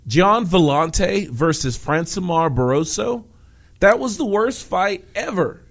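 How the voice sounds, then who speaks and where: A man co-hosting a combat sports podcast, talking casually and quickly in bursts, often laughing. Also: sits high, gravelly. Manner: animated, talks fast in bursts, laughs often. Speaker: podcast co-host.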